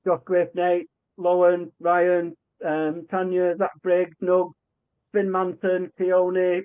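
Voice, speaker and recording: A man's voice: high-pitched, slow, clear, resonant tone. Man on a tinny remote line. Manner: animated, acts out quoted dialogue, frequent restarts. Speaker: podcast guest. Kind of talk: conversational storytelling.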